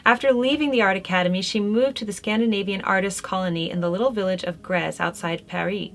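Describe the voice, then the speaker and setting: A woman host with a mid-range voice reads art history from her notes. She breaks off now and then into relaxed, chatty remarks before going back to the text. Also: medium pitch, fast talker. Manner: conversational, chatty, laughs between remarks. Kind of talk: reading notes aloud with casual asides.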